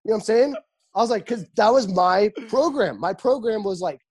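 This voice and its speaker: Husky, mellow young man telling stories. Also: sits high, fairly quick. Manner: animated, swears freely, acts out quoted dialogue. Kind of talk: casual chat, storytelling.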